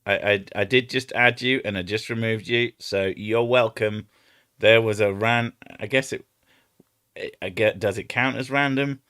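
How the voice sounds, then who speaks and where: A man's voice: on the low side, normal speed, bright, forceful tone, clear, resonant tone, no room sound, clean studio sound. A man with an Edinburgh Scottish accent, hosting a live stream in rambling casual chat, swearing and trying out silly impressions. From Scotland. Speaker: streamer host.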